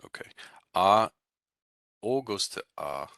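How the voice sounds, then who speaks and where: A man teaching a Russian language class in a relaxed, explanatory way, often checking in with "right?" and "okay?". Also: low-pitched, slow, creaky, no room sound. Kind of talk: recorded classroom lecture.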